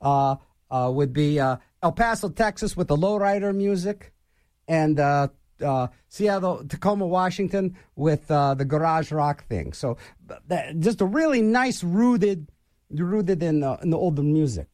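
A middle-aged male radio DJ rambles on air with a high, lively voice that swoops up and down. He restarts his sentences and piles on fillers. The sound is close and dry. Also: normal speed, no echo. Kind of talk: casual on-air DJ chat.

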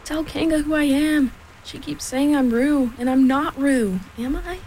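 A woman's voice: fairly low pitch, normal speed, dark tone, a little hiss or hum, close to an everyday voice, rough recording. A woman voicing a small, timid male piglet who protests in a flustered, indignant way in a storybook reading. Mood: high-pitched protest.

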